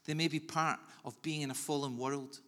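A man preaching a sermon in an earnest, measured way with soft pauses. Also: fairly high pitch, fairly even intonation. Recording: long reverb of a large hall.

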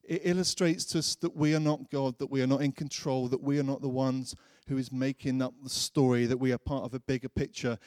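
A man's voice: medium pitch, steady tone, a little fast, few pauses, a little mellow, no echo, clean studio sound. A man preaching a sermon, telling a personal story in a chatty way and acting out his own thoughts.

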